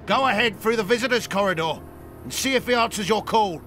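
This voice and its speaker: Bossy guard in a game, high bright voice, brisk orders. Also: male voice, slight background noise. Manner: commanding, brisk. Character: commanding male prison guard. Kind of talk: video game voice acting.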